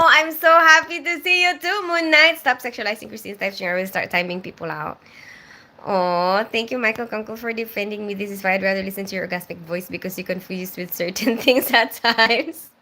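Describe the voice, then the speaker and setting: A young woman raised in the Philippines hosts a casual live stream, reading viewers' comments aloud and replying in a chatty way full of fillers. Her medium-pitched voice is steady and slightly bright, and she talks a little fast.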